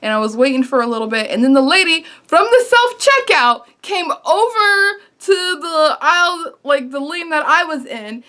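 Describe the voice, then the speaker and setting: Woman, high voice, casual storytelling, animated and exasperated. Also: moderate pace, hardly any pauses. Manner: animated, exasperated retelling with quoted asides. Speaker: vlogger.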